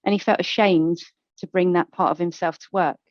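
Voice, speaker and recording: A woman's voice: on the low side, steady tone, brisk, no echo. A woman from England speaking at a conference panel, telling a candid personal story with a playful touch. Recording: dull, dry lo-fi recording.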